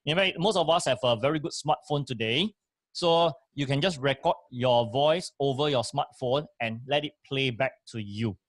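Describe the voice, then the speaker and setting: A man's voice: mid-range voice, moderate pace, no room sound, studio quality. A man, co-hosting a casual chat and coaching with emphatic, repeated points. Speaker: co-host and motivational speaker. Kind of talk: casual chat, giving advice.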